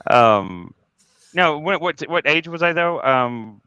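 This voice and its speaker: A man's voice: on the high side, expressive, slow pace, pushed and bright, clear, resonant tone, no room sound, lo-fi sound. A man in his forties hosting a casual group podcast, telling stories candidly and rambling through restarts, cursing when he gets worked up. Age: 40s. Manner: candid, rambling confessional storytelling with many restarts; swears freely when reliving anger. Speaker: podcast host.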